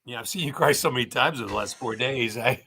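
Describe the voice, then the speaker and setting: A man in his sixties speaking as a guest on a live show, halting and repeating words as he gives a heartfelt, teary tribute. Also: mid-range voice, vocal fry, bright, forceful tone, slight background noise. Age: 60s. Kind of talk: emotional casual tribute.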